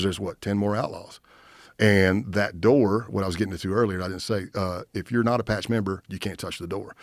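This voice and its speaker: A middle-aged man with a fairly low voice tells a war story in casual conversation. He acts out the quotes of the people he met as he goes. The sound is close and dry, with no room around it. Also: no echo. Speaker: guest, retired FBI agent. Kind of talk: casual storytelling in podcast interview.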